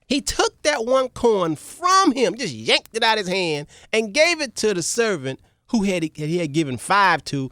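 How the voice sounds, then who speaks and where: A radio talk show host retelling a parable to listeners, animated and repetitive, checking in with the audience. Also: medium pitch, a little slow, dry recording, clean studio sound.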